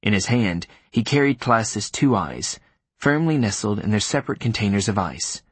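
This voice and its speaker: A man narrating a thriller audiobook in a steady, measured, grim manner. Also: lowish voice, breathy edge, dry recording.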